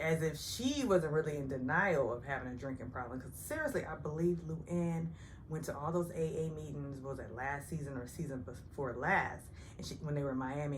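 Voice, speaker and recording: A woman recapping a reality TV episode in a chatty, sarcastic way, putting on high voices when she quotes the cast. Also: a little hiss or hum. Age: older. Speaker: recap host. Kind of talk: casual TV recap vlog.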